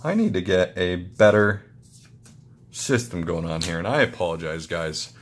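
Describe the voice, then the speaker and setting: Excitable man opening card packs. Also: normal speed. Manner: excitable, muttering asides, jumpy pitch. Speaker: card-opening channel host. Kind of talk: casual pack-opening commentary.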